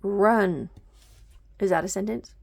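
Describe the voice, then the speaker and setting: A woman teaches a grammar lesson with a slightly gravelly voice at a middle pitch. She explains patiently, step by step, checking often that listeners follow. Now and then she drops a word almost to a whisper. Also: expressive, measured pace, fairly bright tone.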